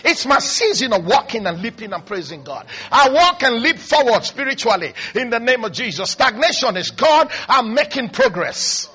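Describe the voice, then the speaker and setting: A man preaching a sermon as pastor, often shouting and calling on the congregation to answer. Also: very high voice, big pitch swings, moderate pace, hardly any pauses, husky.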